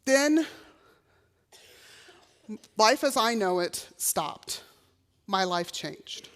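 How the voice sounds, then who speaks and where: A middle-aged Texas woman shares a personal testimony in a college chapel, voicing the people she quotes. Her mid-range voice is animated and a bit bright, and she speaks very slowly. The chapel hall adds a long reverb.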